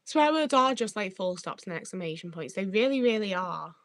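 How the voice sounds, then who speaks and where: A woman's voice: medium pitch, expressive, fairly quick, a bit bright, dry recording. A young woman from the north of England, chatting bluntly and swearing freely as she reads out comments on her livestream. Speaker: livestream host. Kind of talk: casual livestream chat reading comments.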